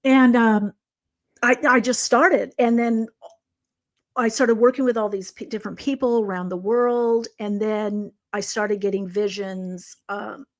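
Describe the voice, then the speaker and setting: A woman's voice: medium pitch, fairly even intonation, unhurried. A middle-aged woman in a casual conversation, telling stories animatedly as a psychic guest. She acts out the dialogue she quotes and often restarts her sentences. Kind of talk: casual storytelling. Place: video conversation.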